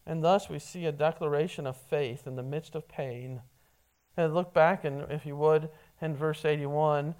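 Halting preacher, repeats words. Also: mid-range voice. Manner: halting, often repeats words when starting a phrase. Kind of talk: sermon.

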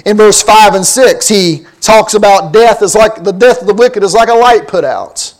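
A man with a notably high voice preaches a sermon. He reads passages of old-fashioned scripture aloud, then explains them in plain, emphatic talk, asking his listeners rhetorical questions and repeating key points. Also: moderate pace.

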